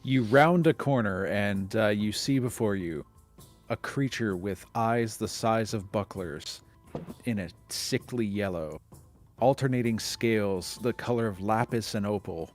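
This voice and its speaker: A man narrating a tabletop game as game master over a video call, pausing often with uh fillers. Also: fairly low pitch, faint music behind. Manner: halting narration full of uh fillers.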